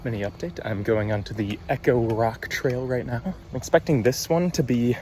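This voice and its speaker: A man's voice: medium pitch, expressive, normal speed, mellow, slight background noise. Upbeat young man vlogging on a trail. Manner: upbeat, chatty, self-teasing. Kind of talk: casual hiking vlog. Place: wooded hiking trail outdoors.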